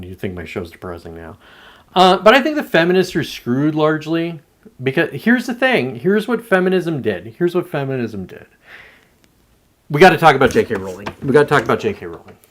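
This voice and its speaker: A man hosting his own show from home, rambling through casual commentary with plenty of swearing and restarts. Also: medium pitch. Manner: rambling, profane, self-interrupting. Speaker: show host. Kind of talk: casual political commentary monologue.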